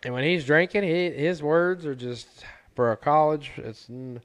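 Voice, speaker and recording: A man's voice: fairly high pitch, measured pace, fairly bright tone, smooth, no room sound. A young man co-hosting a casual chat, swearing freely and telling stories with animation. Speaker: podcast co-host.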